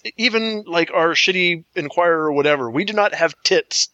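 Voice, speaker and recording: Bright-voiced American man, wry. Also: fairly high pitch, brisk, no room sound. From United States. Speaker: podcast co-host. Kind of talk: casual comedic banter. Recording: dull, slightly lo-fi dry sound.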